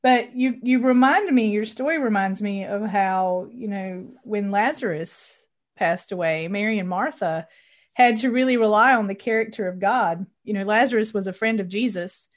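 A woman co-host of a faith podcast speaks in a reflective, conversational way. She answers her partner's story by drawing on scripture. Her pitch is medium. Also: moderate pace. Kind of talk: casual faith podcast talk.

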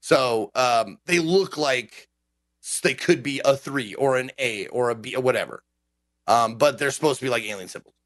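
A man's voice: mid-range voice, moderate pace, no echo. A man who streams games, ranting in a casual podcast chat and swearing often. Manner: animated ranting, frequent swearing. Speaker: game streamer.

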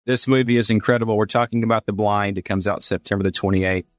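Upbeat podcast host, lower voice. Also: male voice, fairly even intonation, quick pace, no room sound, studio quality. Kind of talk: podcast intro and interview.

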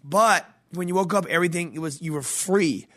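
A man's voice: a little high, brisk, bright, forceful tone, no room sound, clean studio sound. Enthusiastic man hosting a faith podcast. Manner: enthusiastic, preachy reflection. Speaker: podcast host. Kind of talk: casual interview commentary.

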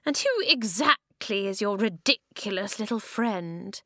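A woman's voice: mid-range voice, huge pitch swings, takes it slowly, a bit bright, no room sound, studio quality, exaggerated voice. A woman voicing an evil, mocking female Ice Queen who taunts sweetly and sniggers. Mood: taunting. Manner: sneering, silky, taunting.

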